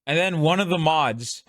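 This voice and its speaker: A man streaming and telling a story in casual commentary, animated, profane and rambling. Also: a little high, no room sound, studio quality.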